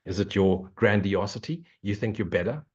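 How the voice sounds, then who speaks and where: A man's voice: fairly low pitch, animated, normal speed, darkish tone, husky, lo-fi sound. A man teaching spiritual ideas in a Q&A talk, blunt and mocking, swearing freely and repeating his points like a preacher. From Africa. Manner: repetitive, preachy. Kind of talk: non-dual Q&A talk.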